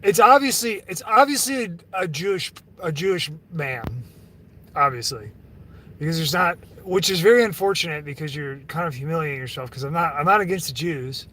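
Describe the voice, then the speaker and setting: A man's voice: on the high side, lively intonation, brisk, bright, forceful tone, distant mic, slight background noise. Man ranting profanely on a livestream. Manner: profane, rambling, many fillers and restarts. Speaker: livestream host reading chat. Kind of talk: casual livestream rant.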